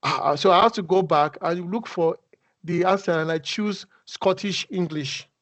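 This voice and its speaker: An instructor with a high, somewhat bright voice leads a casual screen-share tutorial over a video call at a measured pace. He talks conversationally and keeps restarting his sentences. The call audio is muffled.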